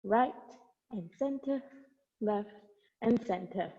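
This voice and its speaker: A woman's voice: mid-range voice, takes it slowly, warm tone. A young woman leading an at-home barre workout, cueing moves and counting reps, sometimes out of breath, recorded on earbuds. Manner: encouraging cueing with counts, light laughs. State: out of breath at times while exercising. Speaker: barre instructor. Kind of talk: guiding an at-home workout class. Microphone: wireless earbuds. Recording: dull lo-fi sound with long reverb.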